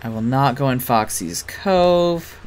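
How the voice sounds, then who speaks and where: A woman's voice: extremely low pitch, animated, slow, a little mellow, soft background music. A woman streaming a game, reacting with sassy, swearing casual commentary.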